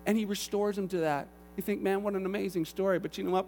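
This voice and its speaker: A man preaching a sermon, telling the story with animated energy and acting out the characters. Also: sits high, fast, slight background noise.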